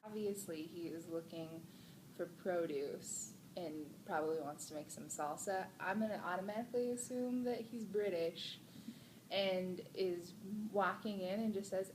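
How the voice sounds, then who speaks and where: A woman's voice: lowish voice, measured pace, a little mellow. A woman giving playful, chatty answers in a casual interview. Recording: noisy camera recording.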